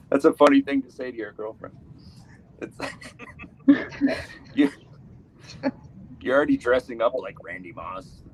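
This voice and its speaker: A man's voice: medium pitch, wildly swooping pitch, slow pace, long pauses, a little mellow, low-quality recording. A man, doing a rambling live stand-up set, cutting himself off and laughing at his own jokes. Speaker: stand-up comedian.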